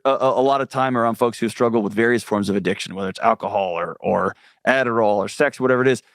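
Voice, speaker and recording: A man's voice: medium pitch, creaky, no echo. A man speaking as a guest mental health expert, telling stories in an earnest, candid way. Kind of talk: conversational interview.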